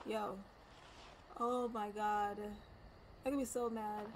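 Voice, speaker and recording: A woman's voice: medium pitch, flat delivery, takes it slowly, pauses often. A woman streaming a horror game, chatting casually, exclaiming and repeating herself when nervous. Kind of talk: casual let's-play commentary. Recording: noticeable background noise.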